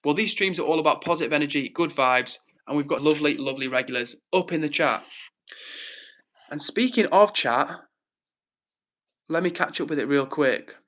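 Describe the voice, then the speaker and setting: Bright upbeat man. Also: fairly high pitch, normal speed, long pauses. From England. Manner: upbeat and encouraging, addresses viewers by name. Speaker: livestream host. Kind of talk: casual livestream chat, reading out comments.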